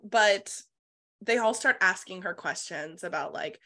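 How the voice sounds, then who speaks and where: A woman co-hosting a podcast, retelling a novel's plot in casual book-club chat, animated and sprinkled with swearing and "like". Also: medium pitch, normal speed. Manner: animated retelling, swears freely, filler 'like'. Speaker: podcast co-host.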